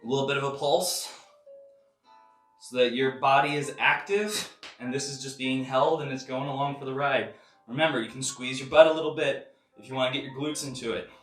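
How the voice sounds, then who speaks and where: A man leading a live kung fu and tai chi workout class, counting reps with sharp exhaled breaths and chatting casually between exercises. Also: medium pitch, fairly quick, reverberant, recorded from a distance, faint music behind. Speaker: martial arts instructor.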